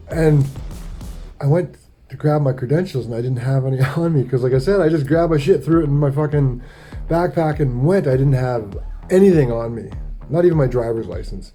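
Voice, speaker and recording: Guy, very dark mellow voice, swearing a lot, rambling story, faint music behind. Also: medium pitch, fairly quick. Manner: profane, rambling, laid-back. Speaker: vlogger. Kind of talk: casual storytelling rant.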